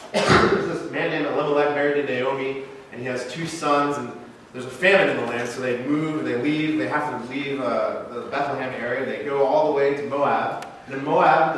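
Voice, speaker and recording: A man's voice: mid-range voice, steady tone, moderate pace, a bit bright, slight background noise. A male pastor preaching a casual, conversational sermon as a playful storyteller. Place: church sanctuary. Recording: echoey sanctuary, mic from far off.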